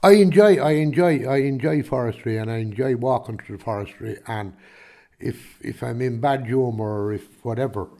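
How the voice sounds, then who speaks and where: A man's voice: mid-range voice, moderate pace, darkish tone. A man with a Kilkenny Irish accent, a farmer answering interview questions in a rambling, chatty way, full of restarts and "do you know what I mean". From Ireland.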